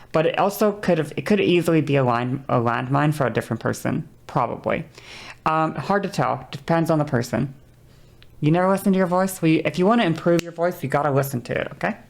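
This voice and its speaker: A woman's voice: sits low, gravelly, a little mellow. A woman streamer chatting casually and rambling, laughing often and correcting herself mid-sentence. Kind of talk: casual livestream chat.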